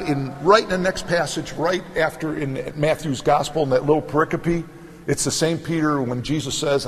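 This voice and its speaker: Middle-aged male pastor, slightly high voice, storytelling sermon delivery, long church echo. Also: moderate pace. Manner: animated storytelling, acts out scripture voices.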